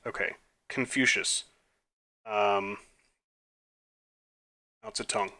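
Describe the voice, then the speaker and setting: Bright-voiced man muttering through a quiz. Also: fairly low pitch, steady tone, extremely slow. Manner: mutters answers aloud, flustered outbursts, self-mocking. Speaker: gaming YouTuber. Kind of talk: quiz playthrough commentary.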